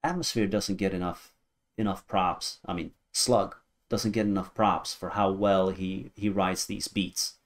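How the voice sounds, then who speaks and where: A man's voice: deep voice, steady tone, measured pace. A man in his thirties hosting a music reaction video, musing aloud and guessing as he goes. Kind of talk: casual reaction commentary.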